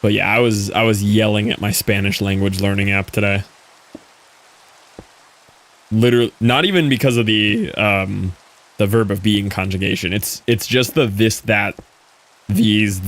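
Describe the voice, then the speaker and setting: A man's voice: lowish voice, fairly even intonation, a little slow, pauses often, a bit bright. A man streaming a game, chatting casually with viewers and answering their messages as he plays. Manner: chatty, answers chat, thinks aloud. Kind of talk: casual live-stream chat while gaming.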